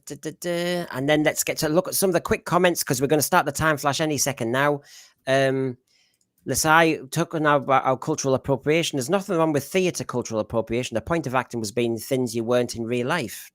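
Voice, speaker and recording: A man's voice: medium pitch, no room sound, clean studio sound. Middlesbrough man hosting a chat stream. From Northeast England. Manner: rambling, reads out viewer comments with fillers. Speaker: podcast host. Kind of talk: casual livestream panel chat.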